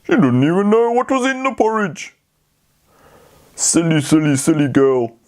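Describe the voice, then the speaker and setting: A man telling a fairy tale to children, speaking slowly and talking to them directly. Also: fairly high pitch. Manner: slow, lively, talks to the children. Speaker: storyteller. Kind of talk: children's storytelling.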